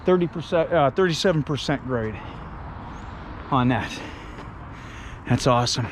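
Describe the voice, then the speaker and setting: A man's voice: medium pitch, measured pace, pauses often, slight background noise. A man out of breath, chatting casually and laughing as he walks up a steep city street for his vlog. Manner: chatty, laughs often, easily excited. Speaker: travel vlogger.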